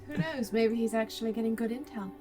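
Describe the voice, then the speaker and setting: Woman, tabletop role-play player, curious questions, slightly high pitch. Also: fast, over music.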